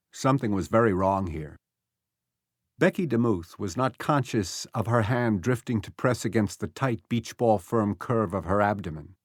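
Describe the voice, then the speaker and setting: A man narrating an audiobook thriller in a measured, expressive storytelling manner, recorded close on a studio mic. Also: fairly low pitch, no room sound. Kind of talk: scripted narration.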